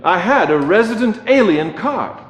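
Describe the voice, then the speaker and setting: A man's voice: high-pitched, expressive, normal speed, echoey room. A man preaching a sermon as pastor, conversational, often checking in with "okay" and repeating words as he goes.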